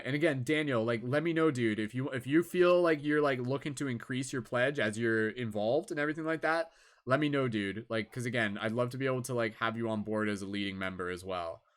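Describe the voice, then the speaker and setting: A man hosting a live tarot stream, chatting casually with viewers in an animated, laid-back way, swearing and laughing often. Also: mid-range voice. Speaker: tarot reader and livestream host. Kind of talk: casual livestream chat.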